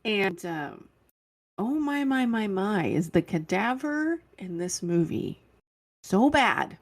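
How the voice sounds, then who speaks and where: A woman's voice: mid-range voice, sing-song, takes it slowly. A woman co-hosting a podcast, recapping scenes in casual chat and laughing often. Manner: giggly, recapping. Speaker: podcast co-host.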